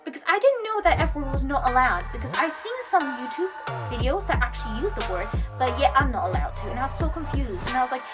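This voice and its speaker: A young woman with a high, light voice chats loosely and keeps wandering off topic, talking half to herself. Music plays clearly underneath her the whole time. It is a relaxed streamer ramble, not a prepared script. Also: quick pace, few pauses, lo-fi sound. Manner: rambling, easily sidetracked, chatty. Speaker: streamer chatting while drawing. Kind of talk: casual rambling chat.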